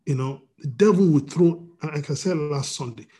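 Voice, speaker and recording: Male pastor, dark husky tone, preaching over a video call. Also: a little high, moderate pace. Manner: reads scripture aloud, then preaches with restarts and "you know".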